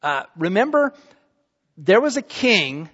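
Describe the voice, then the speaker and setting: A man preaching a sermon, retelling a scripture story in a relaxed, conversational way and checking in with the congregation. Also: sits high, takes it slowly, husky. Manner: conversational storytelling with fillers like "you know" and "okay?". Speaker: pastor. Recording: dull recording with long hall reverb.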